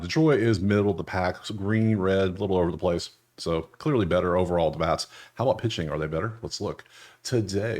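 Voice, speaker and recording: A young man casually breaking down baseball betting picks over a screen share, slangy and joking, with loud incredulous outbursts. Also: lowish voice. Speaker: sports betting analyst.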